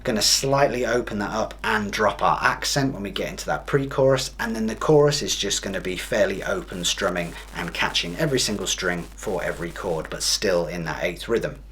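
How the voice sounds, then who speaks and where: A man explaining strumming in a guitar lesson, steady and methodical, counting beats aloud. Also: low voice, a little fast, hardly any pauses, a little hiss or hum. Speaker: guitar teacher. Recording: guitar music loud behind. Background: guitar playing.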